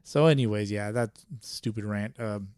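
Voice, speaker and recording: A man's voice: lowish voice, normal speed, a little mellow, clean tone, no echo, studio quality. A man hosting a solo podcast in a casual, rambling rant, profane and laughing often, a little tipsy. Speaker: podcast host.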